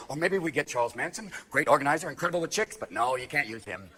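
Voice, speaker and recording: A man doing a stand-up comedy routine, manic, swinging between shouts and hushed asides, recorded live on stage. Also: a little high, lively intonation, fast, few pauses, a little hiss or hum.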